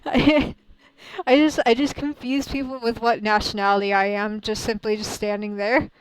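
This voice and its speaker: Young American woman streamer, slightly high, smooth voice, animated and rambling, laughs a lot, dry close mic. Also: moderate pace, no echo, poor audio. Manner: polite, somewhat formal phrasing. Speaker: VTuber let's-play streamer. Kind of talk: casual game commentary.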